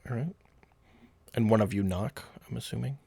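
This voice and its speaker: A man narrating as game master in a relaxed, casual way, with filler words. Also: on the low side, normal speed, gravelly, husky.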